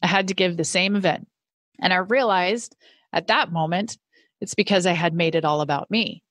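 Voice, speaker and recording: A woman's voice: on the low side, moderate pace, no room sound. Middle-aged woman, podcast guest, earnest personal storyteller; dry, close sound. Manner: earnest, animated quoting of her own past thoughts. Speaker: podcast guest, business owner.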